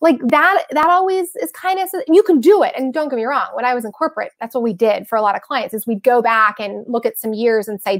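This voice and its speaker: Woman host, higher voice, chatty and frank, animated live-stream advice talk. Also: fast, few pauses. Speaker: host giving tax tips.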